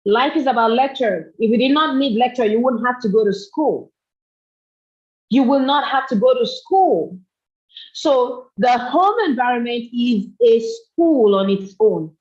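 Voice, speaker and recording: A middle-aged woman gives a motivational talk at a parenting summit, speaking earnestly and repeating phrases for emphasis. Her voice sits a little high with a darkish tone, and the recording is dull and lo-fi.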